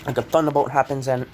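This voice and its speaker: A young man casually retelling an invented fan story, rambling with many fillers and self-corrections, coughing and clearing his throat now and then. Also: medium pitch, fairly bright tone, slight background noise.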